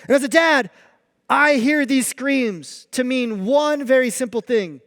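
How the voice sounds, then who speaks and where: A male pastor giving a sermon as an animated storyteller who acts out dialogue, speaking on a stage mic in a church sanctuary with long hall reverb. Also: extremely high pitch, measured pace.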